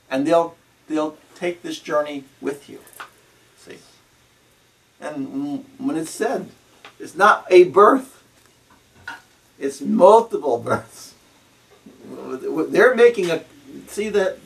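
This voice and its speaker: A man, a spiritual teacher, speaking slowly and deliberately, repeating himself and tagging his phrases with "See?" and "you know.". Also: a little high, vocal fry. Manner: slow, deliberate and repetitive. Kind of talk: spiritual talk. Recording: voice from a distance to the mic.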